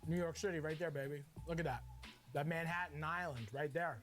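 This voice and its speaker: A man hosting a cooking show, playful and excitable, cracking crude jokes as he cooks. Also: on the high side, a little fast, soft background music. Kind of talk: energetic cooking demonstration.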